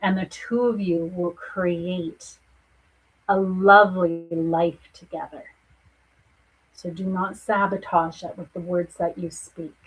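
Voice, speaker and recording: A woman's voice: on the low side, flat delivery, slow pace, slightly rough, rough recording. A middle-aged woman, a psychic medium, giving earnest and reassuring spiritual readings to viewers in a soothing way.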